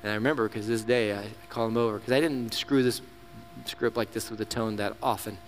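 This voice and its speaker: A man's voice: on the low side, fast talker. A middle-aged man giving a sermon as a camp ministry director, telling stories and acting out the quotes. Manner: storytelling, animated, acts out quotes. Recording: long hall reverb with faint hum.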